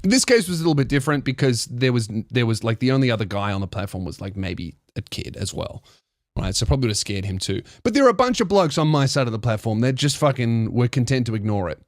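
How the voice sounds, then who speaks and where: A man's voice: mid-range voice, very animated, fast, dry recording, studio quality. A man who hosts a podcast, telling a comedic story in a heated, profane way with frequent restarts. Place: podcast studio.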